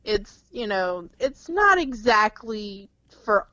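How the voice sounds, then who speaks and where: A woman's voice: mid-range voice, big pitch swings, slow, pushed and bright, dry recording, low-quality recording. A woman co-hosting a casual podcast chat, blunt and opinionated with dry teasing. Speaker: podcast co-host.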